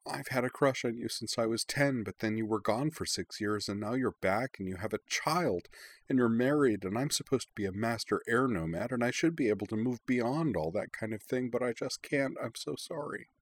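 A man voicing a shy, lovestruck young woman who is an air nomad, talking in a husky, rushed murmur. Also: fairly low pitch, a bit bright, natural voice. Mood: pleading, flustered. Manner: stammering, rushed confession.

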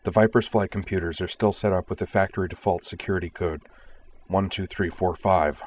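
A man's voice: low voice, fairly even intonation, fairly quick, a little mellow, a little hiss or hum, lightly acted. A man voicing a frightened middle-aged technician. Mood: scared whisper. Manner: frightened whispering.

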